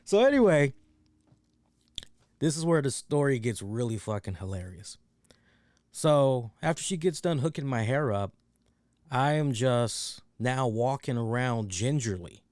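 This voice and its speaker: A man's voice: medium pitch, animated, unhurried, long pauses, darkish tone, no room sound. A man hosting a podcast, telling a personal story in a frank, profane, casual way with many fillers. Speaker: podcast host.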